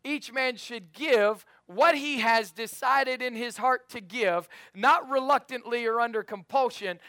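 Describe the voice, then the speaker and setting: A man preaching a sermon in a church, rousing the congregation to call and response. He rises to loud emphatic peaks and drops to quiet storytelling. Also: extremely high pitch, unhurried, few pauses, no room sound, studio quality. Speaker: pastor.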